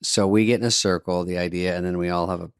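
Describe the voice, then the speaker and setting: A man hosting a podcast, telling a funny story in a wry, rambling, self-deprecating way, with quick asides. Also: sits low, fairly even intonation, clean tone, no echo, studio quality. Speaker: podcast host. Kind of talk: casual comedic storytelling.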